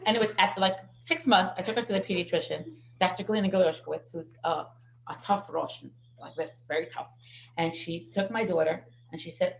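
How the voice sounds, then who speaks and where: A woman's voice: on the low side, fairly quick, vocal fry, a little hiss or hum. Middle-aged woman teaching a class. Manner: lively anecdotal storytelling. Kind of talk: parenting class lecture. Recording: echoey room.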